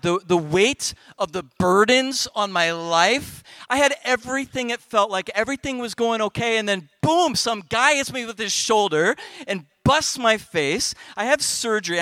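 A middle-aged man speaking on stage at a youth festival, telling a comic personal story to kids with big swings in loudness. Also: sits high, no echo.

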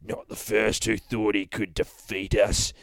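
A man voicing a menacing monster boogeyman who speaks slowly and grandly. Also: level tone, fairly bright tone, no room sound. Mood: gloating. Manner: slow, booming, grandiose villain speech. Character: menacing monster boogeyman, ruler of a dark realm.

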